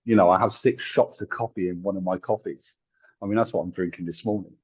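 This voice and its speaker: A husky, fairly low-pitched man in middle age, chatting through a video call and spinning lively anecdotes. He laughs readily and slips into the voices of people he quotes. The sound is dull and lo-fi. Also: fast talker. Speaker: guest, tarot reader and psychic medium. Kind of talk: casual storytelling in an interview.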